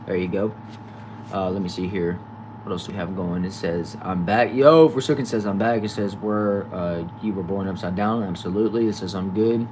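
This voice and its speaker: A low-pitched man with a Texan accent hosts a casual livestream from a back shed. He reads viewer comments in a quick stream and tosses back short replies. A constant noisy hum runs under his voice. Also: steady tone. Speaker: livestream host reading chat.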